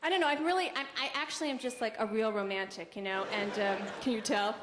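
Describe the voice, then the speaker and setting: A young woman doing a stand-up comedy set with a deadpan, conversational delivery and quick asides to the audience. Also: a little high. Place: comedy club stage. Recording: roomy club recording with noise. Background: audience laughter.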